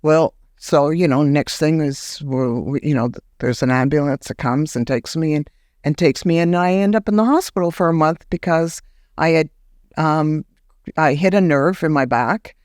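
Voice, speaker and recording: A woman's voice: no echo, studio quality. Woman telling a personal story. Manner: animated, acts out remembered words in a higher voice; halting restarts when recounting. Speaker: guest. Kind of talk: personal storytelling in a podcast interview.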